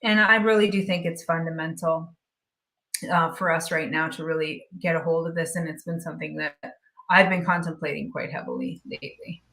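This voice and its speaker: A woman's voice: low voice, fairly even intonation, brisk, gravelly, a bit bright. A woman speaking as an interview guest, earnest and reflective in casual talk. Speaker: guest health educator. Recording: echoey room.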